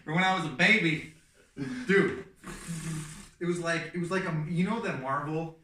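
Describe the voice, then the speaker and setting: A man co-hosting a casual talk show, telling a story in an animated way and acting out what people said with big jumps in loudness. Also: a little high, moderate pace, echoey room, distant mic, a little hiss or hum. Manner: animated, acts out quotes with big swings in loudness. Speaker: co-host.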